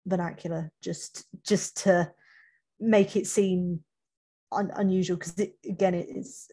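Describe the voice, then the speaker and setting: Woman interview coach, low husky voice with a gravelly edge, chatty webinar talk, restarts her sentences a lot. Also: fairly even intonation, unhurried, mellow. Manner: chatty, self-correcting, many restarts.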